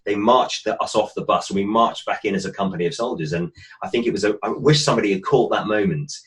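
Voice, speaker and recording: A man with a fairly low voice reminisces slowly and thoughtfully, pausing and restarting as he goes. It sounds like an actor looking back on a shared memory. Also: fairly bright tone. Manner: thoughtful, halting, with many restarts. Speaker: actor guest. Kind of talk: reflective storytelling.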